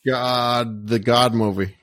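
A man's voice: mid-range voice, fairly even intonation, takes it slowly, fairly bright tone, no room sound. A man co-hosting a podcast in casual chat, rambling with plenty of fillers and swearing. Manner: rambling, profane, lots of "like". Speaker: podcast co-host.

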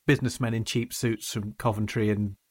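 A man's voice: on the low side, little pitch movement, brisk, husky. A man hosting a casual podcast, steering the chat with thoughtful, dry remarks. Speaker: podcast host. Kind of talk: casual chat about a TV series.

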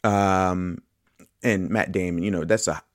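A man with a very deep voice talks through a movie podcast in a loose, enthusiastic ramble, stopping now and then to correct himself. The sound is dry and close, with no room around it. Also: steady tone, unhurried, no echo. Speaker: podcast host. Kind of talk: casual movie podcast monologue.

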